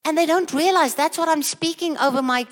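Woman preacher, high voice, earnest rhetorical questions, sermon, long hall reverb. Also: brisk.

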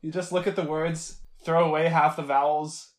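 A woman's voice: low voice, little pitch movement, moderate pace, slight background noise. A woman playing along as a podcast quiz contestant, chatty and self-mocking. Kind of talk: casual podcast chat.

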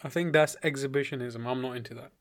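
A man's voice: mid-range voice, fairly even intonation, fast talker, no echo. A young man, chatting casually on a podcast, swearing freely and laughing a lot. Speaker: podcast co-host.

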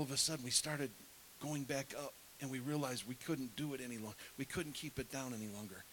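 A man's voice: mid-range voice, a little fast, a bit bright, low-quality recording. A middle-aged man preaching, telling a story with animation and dropping to a whisper to act out scenes. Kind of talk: sermon storytelling. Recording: faint hiss.

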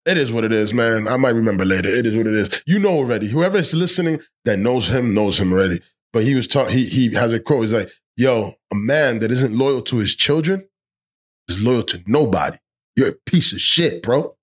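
A young man with a brisk, mid-range voice hosts a podcast outdoors in the cold. His casual chat is loose and full of slang and swearing, sometimes breaking into animated rants.

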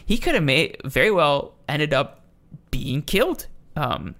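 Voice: mid-range voice, sing-song, a little slow, fairly bright tone. Profane ranting podcast host. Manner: ranting, profane, with many restarts. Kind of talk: casual podcast chat.

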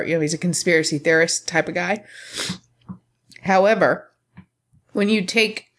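A woman co-hosting a casual film review podcast, giving opinionated takes in long, winding runs. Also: fairly low pitch.

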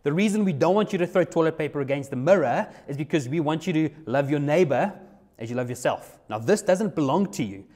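A man's voice: a little high, expressive, fairly quick, a little mellow. A young adult man, a youth pastor telling a personal story in a sermon, conversational and repeating phrases for emphasis.

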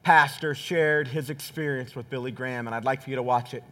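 A man's voice: mid-range voice, fairly even intonation, brisk, fairly bright tone. Earnest male pastor in a reverberant church. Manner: earnest, speaks to the congregation directly. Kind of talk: sermon. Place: church sanctuary.

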